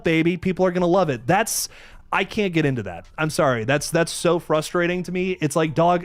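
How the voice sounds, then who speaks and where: Young male streamer, slightly high voice, frustrated rambling rant with restarts, dry close mic. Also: no echo. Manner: exasperated, rambling, stammering restarts, swears. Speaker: host of a live movie review stream. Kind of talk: casual live-stream review, reading donations.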